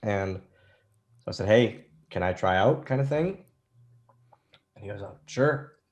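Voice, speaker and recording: A man's voice: fairly low pitch, a little slow. A man in his thirties, a guest on an interview, telling stories casually and acting out the lines people said to him. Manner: animated storyteller, acts out quoted lines. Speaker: interview guest, former wrestler.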